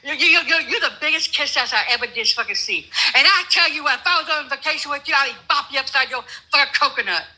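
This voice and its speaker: High, bright-voiced older woman, profane and combative. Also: fast talker, few pauses, low-quality recording. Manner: profane, confrontational, blunt. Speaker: guest. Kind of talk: heated livestream debate.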